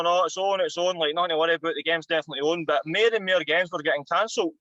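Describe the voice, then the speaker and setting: Fast-talking Scottish man telling stories. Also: a little high, no echo, lo-fi sound. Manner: animated, swearing, laughing anecdote-telling. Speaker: podcast guest, former footballer. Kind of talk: casual storytelling.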